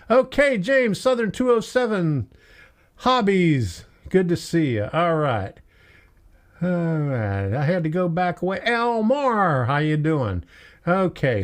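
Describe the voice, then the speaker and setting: An older man hosting a live stream, greeting viewers by name in a chatty, folksy way. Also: sits high. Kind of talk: casual live stream chat.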